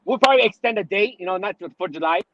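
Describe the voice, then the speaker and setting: A man co-hosting a livestream from his car, excitable and repeating "you know" and "I love it". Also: high voice, very fast, no room sound, lo-fi sound. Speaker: co-host. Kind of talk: casual livestream chat.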